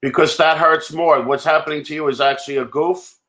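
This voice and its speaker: A man's voice: fairly high pitch, fairly even intonation, a little fast, bright, forceful tone. A man in a heated live webcast argument, blunt and profane as he insists on his point. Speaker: livestream participant.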